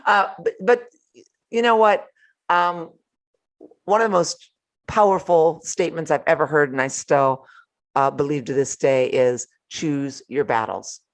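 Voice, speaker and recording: An older woman hosting a live motivational talk from home, animated and playful, laughing often between remarks. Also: deep voice, measured pace. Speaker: host.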